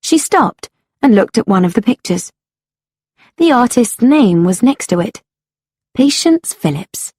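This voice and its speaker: A woman reads a story aloud for learners at a very slow, measured pace. Her voice is soft and breathy, and the recording is close and dry. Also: mid-range voice, expressive, no echo. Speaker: narrator.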